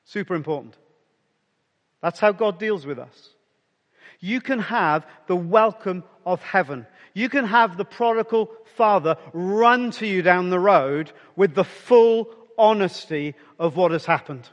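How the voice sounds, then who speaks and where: A man delivers a conversational sermon to his congregation, his voice sitting high for a man. He talks personally and directly, often sinking to a soft near-whisper to press a point home. A long reverb trails each phrase. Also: unhurried, lo-fi sound. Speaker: pastor.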